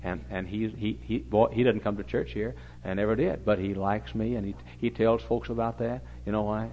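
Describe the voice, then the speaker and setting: Brief: middle-aged male pastor, story-driven sermon, dips quiet then booms, muffled lo-fi tape with faint hum. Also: steady tone, moderate pace. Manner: storytelling, swings from hushed to loud exclamations.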